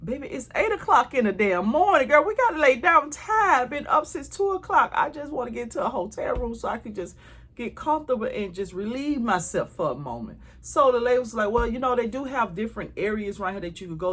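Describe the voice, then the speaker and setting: A woman telling a travel story to her viewers in a casual, animated way, swearing freely. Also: on the low side, slight background noise.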